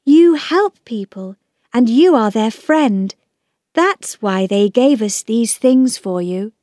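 Storybook reading: a caring young girl, read by a woman, raised and gentle. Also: on the high side, animated, takes it slowly, no room sound, studio quality, voice pushed up. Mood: earnest.

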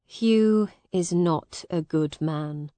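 A woman voicing a gentle weary soldier. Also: fairly low pitch, drawn-out words, no room sound. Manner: gentle and patient. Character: kind weary young soldier man. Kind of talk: storybook reading.

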